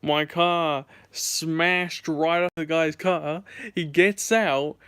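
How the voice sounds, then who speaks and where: A man's voice: on the high side, fairly even intonation, extremely slow, fairly bright tone, clean tone, no echo, clean studio sound. A young man streaming from home, telling gaming stories in a rambling, filler-heavy casual chat.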